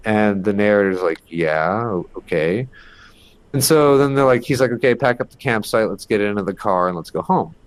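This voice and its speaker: Guy with a lowish voice rambling through a spooky story on a podcast, lots of like and you know. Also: fast talker, few pauses, smooth. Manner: rambling, filler-heavy, swears casually. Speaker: guest telling a creepy campfire story.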